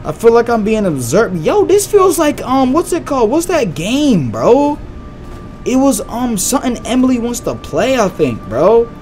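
A young man giving excitable, slang-heavy let's-play commentary on a horror game and reacting loudly to scares. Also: very high voice, normal speed, soft background music. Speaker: gaming YouTuber.

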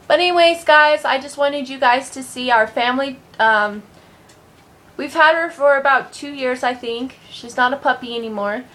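A woman's voice: sits high, normal speed, a bit bright. A young woman chatting casually in a home vlog, rambling with lots of ums and a loose, sweary way of talking. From Colorado, USA. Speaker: vlogger.

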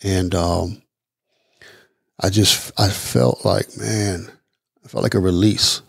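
A middle-aged man from the Midwest of the United States, telling his personal story as a podcast guest in an earnest, halting way, repeating words as he goes. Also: low-pitched, steady tone, creaky, husky, dry recording, studio quality. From East Chicago, Indiana. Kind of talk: personal testimony interview.

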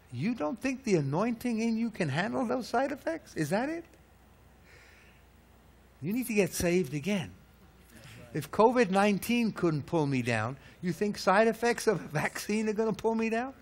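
High-voiced man preaching emphatically. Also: sing-song, moderate pace. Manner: emphatic, hammering rhetorical questions; swings between loud peaks and low hushed lines. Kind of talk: sermon.

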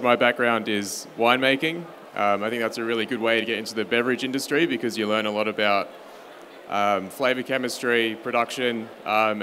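A man speaking on a panel as a distiller, relaxed and modest, his voice tired. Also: on the low side, a little hiss or hum. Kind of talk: panel talk.

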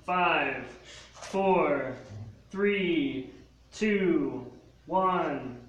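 A man's voice: fairly high pitch, very slow, a bit bright, highs cut off. A man hosting a poetry slam, announcing rounds and counting down in a playful way. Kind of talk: hosting a live event. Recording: echoey room from a distant mic, faint noise.

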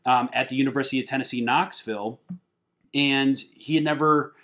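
Young guy from minnesota, easygoing, laughs a lot, casual chat, mid-pitched voice. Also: fairly quick. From Minnesota, USA. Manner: laughs often, relaxed and joking. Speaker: guest, musician.

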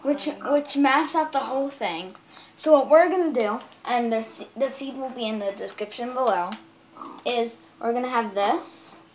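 A woman's voice: fairly high pitch, normal speed, slight background noise. A woman hosting a casual game tutorial, chatty and bossy as she explains and shushes a friend. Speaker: gaming channel host. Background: background music.

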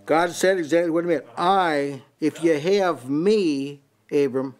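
Reading scripture aloud to a small house-church Bible study, an older preacher compares one translation with the next. His voice is a little high and a little slow, and he trips over repeated words as he goes.

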